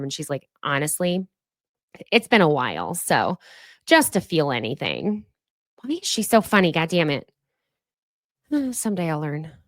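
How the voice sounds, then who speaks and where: A woman's voice: low voice, no echo, studio quality. A woman hosting a casual reality TV recap podcast, sarcastic and swearing freely as she mocks the cast. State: fighting off sneezes. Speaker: podcast host.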